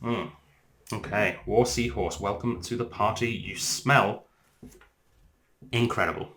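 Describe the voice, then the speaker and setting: A man with an English accent, hosting a casual whisky tasting vlog in an excitable, enthusiastic way. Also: fairly low pitch, takes it slowly. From England. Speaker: whisky reviewer.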